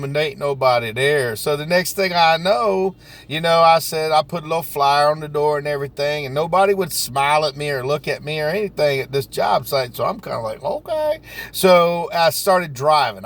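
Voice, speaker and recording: A man with a Southern US accent telling stories from his sales work in a folksy, animated way. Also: a little high, creaky. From Southern United States. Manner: folksy, animated, dialect grammar like "ain't nobody". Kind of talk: casual storytelling vlog.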